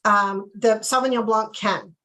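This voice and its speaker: A woman's voice: medium pitch, steady tone, a little slow, bright, forceful tone, poor audio. A woman from Canada, guiding a casual live wine tasting over a video call and explaining pairings in a chatty way, with plenty of ums. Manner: chatty, filler-heavy explaining.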